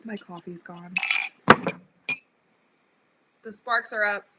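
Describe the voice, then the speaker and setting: In a very noisy recording, a young woman livestreams casually, her medium-pitched voice steady at a moderate pace as she talks to viewers, reads their comments aloud and laughs frequently. She sounds sleepy and yawns.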